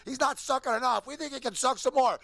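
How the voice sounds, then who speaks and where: An actor playing a foul-mouthed male alien monster rock frontman, sneering and ranting with profanity in a gravelly voice. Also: extremely high pitch, fast, fairly bright tone, exaggerated voice. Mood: mocking. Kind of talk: archival interview clip in character.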